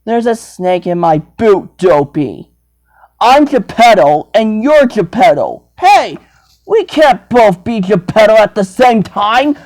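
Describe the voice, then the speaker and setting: A woman's voice: mid-range voice, very animated, slow, a little mellow. A young woman acting out a playful toy role-play, switching between character voices in a rambling, swooping way.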